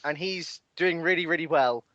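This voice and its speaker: A man with a high, sharply bright voice co-hosts a casual podcast. He tells stories with animated, profane energy. The sound is dry and close. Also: moderate pace, dry recording, muffled recording. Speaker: podcast co-host.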